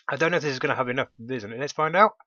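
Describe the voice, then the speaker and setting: A man's voice: mid-range voice, pushed and bright, lo-fi sound, slight background noise. A man giving casual commentary while playing a game, often bursting into delighted exclamations. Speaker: let's play host.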